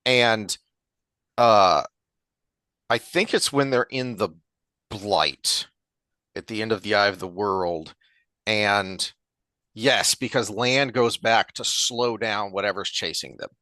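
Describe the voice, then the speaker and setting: A man co-hosting a podcast, talking in a rambling, animated way with frequent restarts. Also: fairly low pitch, takes it slowly, pauses often, no room sound. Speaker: podcast co-host. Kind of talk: casual chat.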